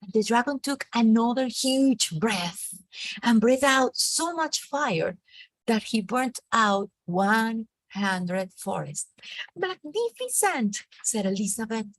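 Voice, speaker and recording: A woman teacher with a Colombian accent, reading a storybook aloud to a class with expressive, animated delivery before moving on to teaching. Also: a little high, slow pace, no echo. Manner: expressive, animated read-aloud with acted character lines. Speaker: teacher leading a reading workshop.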